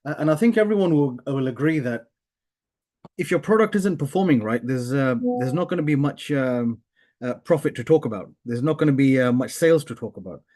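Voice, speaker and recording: Man, webinar presenter, hesitant with lots of "uh"s, mid pitch. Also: lively intonation, a little fast, a little mellow. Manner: many fillers and restarts, earnest pitch. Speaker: webinar panelist, software founder.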